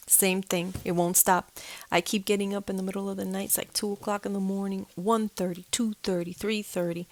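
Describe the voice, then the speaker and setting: A woman telling a spooky personal story in a casual, animated way, acting out sounds and slipping into whispers when things get tense. The sound is dry and close, with no room around her voice. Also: medium pitch, no echo. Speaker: storyteller of a ghostly experience.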